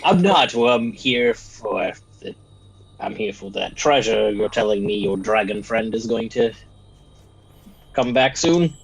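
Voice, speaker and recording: A man's voice: fairly low pitch, measured pace, gravelly, poor audio. A man playing a tabletop game, blunt and joking. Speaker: player. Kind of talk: tabletop game play, casual chat.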